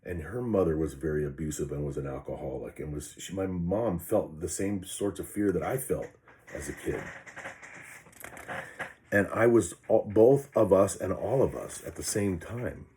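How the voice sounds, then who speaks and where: An older man, a retired police officer, recounting a personal experience and reading from his own notes in a halting, earnest way, often restarting and repeating words. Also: low-pitched, dark tone.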